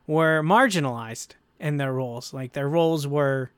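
A man hosting a casual podcast discussion, animated and chatty, breaking into playful voices when quoting others. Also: a little high, normal speed, smooth, no echo. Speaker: podcast host.

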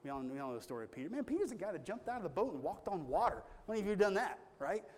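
A man's voice: high voice, very animated, racing, slight background noise. A man pastor preaching a sermon in an earnest, conversational storytelling way with strong emphasis.

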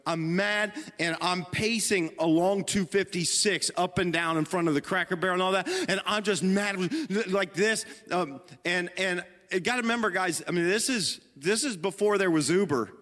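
High-voiced pastor preaching in a big hall. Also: male voice, moderate pace, few pauses, fairly bright tone. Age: middle-aged. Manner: storytelling, self-deprecating humor, addresses the congregation and his wife. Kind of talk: sermon. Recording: long hall reverb.

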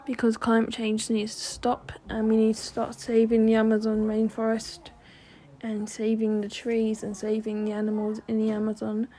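A woman's voice: on the high side, monotone, moderate pace, mellow. A young woman hosting her own podcast, talking earnestly with many ums and restarts. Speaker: podcast host. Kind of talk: solo podcast monologue.

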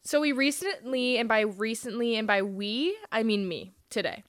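A woman's voice: on the high side, moderate pace. A woman co-hosting a podcast in casual chat, playful and teasing, swearing casually. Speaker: podcast co-host.

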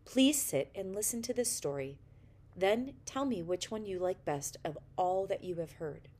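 A woman's voice: medium pitch, expressive, moderate pace, a little mellow, close to an everyday voice. A woman voicing a kindly, hopeful old man who tells stories, speaking with patient reassurance. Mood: earnest. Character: kindly old male storyteller, hopeful and gentle.

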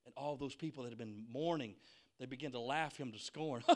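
A man preaches a Pentecostal sermon in a medium-pitched voice at a fairly quick pace. He tells the story dramatically, acting out the voices and swinging between whispers and shouts.

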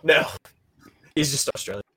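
A man's voice: normal speed, fairly bright tone, dry recording. A man as a guest on a podcast, chatting casually and joking around. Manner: joking, playful. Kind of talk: casual chat.

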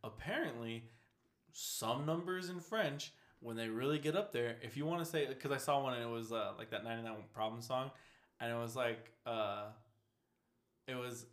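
A man's voice: mid-range voice, normal speed, a bit bright, reverberant. A young man in casual chat, rambling, laughing often and swearing offhandedly.

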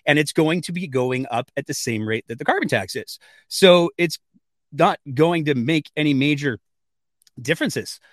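A man's voice: fairly high pitch, normal speed, no room sound, studio quality. Sarcastic man hosting commentary. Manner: sarcastic, animated, mocking asides. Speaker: political commentary host. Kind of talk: opinionated political commentary.

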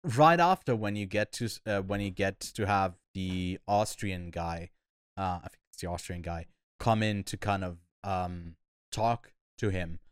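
A man co-hosting a casual film review podcast, talking in a thoughtful, hesitant way with many pauses. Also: low voice, clear, resonant tone, no room sound, clean studio sound. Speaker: podcast co-host.

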